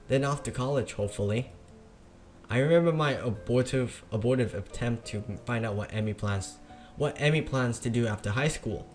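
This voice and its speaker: Young man, reading a visual novel aloud, stumbling, self-mocking, mid-pitched, faint music behind. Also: a little mellow. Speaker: let's play narrator.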